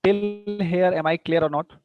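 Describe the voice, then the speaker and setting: A man's voice: high voice, fairly even intonation, measured pace, narrow, tinny audio, over music. A man giving an online lecture, patiently explaining and repeating examples with exaggerated rising and falling tones. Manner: frequent "you know" and "see" fillers. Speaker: university English lecturer.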